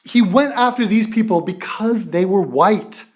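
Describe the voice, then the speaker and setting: A man's voice: high-pitched, expressive, a little slow. A man rants through a reaction video with profanity and open mockery. He sounds exasperated throughout. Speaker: commentary channel host.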